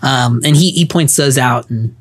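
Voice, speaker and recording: Man, podcast co-host, animated and easily laughing, walks through points in order. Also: medium pitch, normal speed. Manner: animated, laughs often, reviews points one by one. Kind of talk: casual podcast chat.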